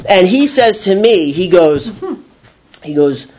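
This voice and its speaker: A man with a notably high-pitched voice tells a personal story about his recovery. He rambles, stumbles into restarts and repeats his words, and brings the tale alive by acting out his own shouting. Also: expressive, takes it slowly.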